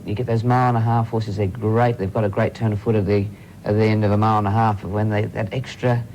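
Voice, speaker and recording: Brief: Australian male jockey guest, fairly low voice, hesitant and modest. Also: level tone, darkish tone, highs cut off, slight background noise. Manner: halting, self-correcting, modest. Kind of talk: studio interview.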